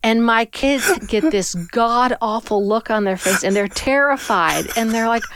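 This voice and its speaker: A woman's voice: a little high, measured pace, clear, resonant tone, no room sound. A woman animatedly telling a personal story in conversation, acting out what people said. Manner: animated, acts out people's lines. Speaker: guest storyteller.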